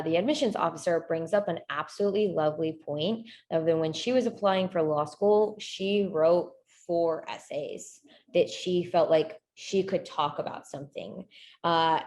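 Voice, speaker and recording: A woman's voice: fairly low pitch, a little mellow. A woman admissions consultant giving a casual talk to a group, chatty and full of fillers and restarts.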